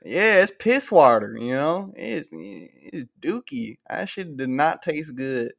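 A man's voice: on the high side, big pitch swings, slow, creaky. A man in casual podcast banter, laid-back and swearing freely.

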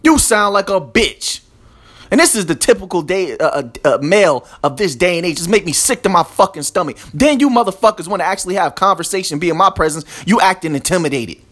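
A man's voice: sits high, expressive, fast, hardly any pauses, a bit bright. A man hosting a podcast, ranting in a profane, aggressive and repetitive monologue. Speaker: podcast host.

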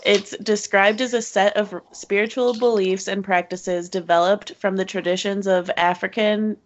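A woman co-hosting a casual podcast, teasing and giggly. She talks at an unhurried, drawn-out pace. The sound is slightly dull, like a lo-fi home mic. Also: medium pitch. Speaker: podcast co-host. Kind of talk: casual chat.

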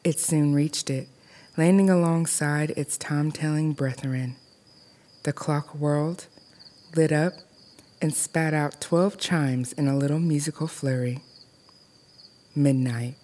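A woman narrating a scripted horror story in a measured, deliberate way. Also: low-pitched, steady tone, mellow.

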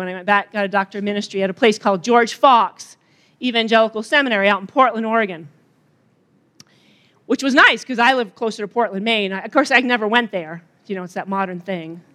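A woman's voice: a little high, fairly bright tone. A middle-aged woman giving a chatty opening talk at a retreat, joking and bantering with the audience. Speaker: retreat speaker.

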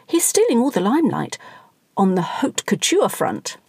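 A woman's voice: mid-range voice, wildly swooping pitch, normal speed, creaky, a little mellow, slightly rough, no echo, exaggerated voice. A woman voicing a politician's wife who gives pointed, teasing advice in a storybook reading.

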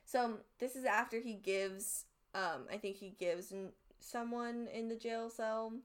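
A woman's voice: fairly high pitch, a little slow. Giggly woman in casual chat. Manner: giggly, reads quotes aloud, swears casually.

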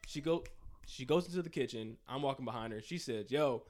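A man's voice: mid-range voice, fairly quick. A young man casually telling a story, acting it out with sound effects and voices, swearing freely. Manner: animated, acts out scenes with sound effects and quoted voices; profane, slangy.

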